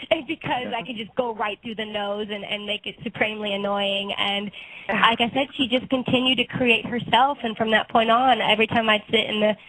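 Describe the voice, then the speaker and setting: A woman's voice: medium pitch, a bit bright, no room sound, low-quality recording. A woman in her twenties, a guest actress and singer, chatting casually in an interview and laughing often between phrases.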